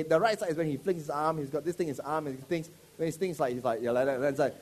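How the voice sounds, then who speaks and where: A man preaching a sermon, animated and mock-serious, often breaking into loud comic asides. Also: fairly high pitch, fast talker, few pauses. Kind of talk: sermon with comic role-play.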